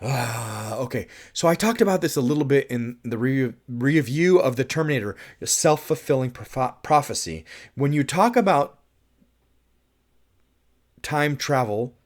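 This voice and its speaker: A man's voice: mid-range voice, lively intonation, a little slow. A man reviewing a film in a casual, musing monologue, thinking aloud with restarts and laughs and briefly acting out quoted lines.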